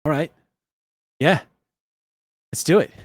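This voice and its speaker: A man's voice: a little high, slow, dry recording, studio quality. Man playing a keen young female fighter, eager to prove herself. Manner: eager and excitable. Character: eager young spear-carrying woman fighter.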